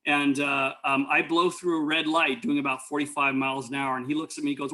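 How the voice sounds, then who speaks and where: A man's voice: fairly high pitch, little pitch movement, a little fast, sharp tone. Man lecturing with rambling stories. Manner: rambling, anecdotal, frequent fillers and restarts. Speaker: EMT instructor.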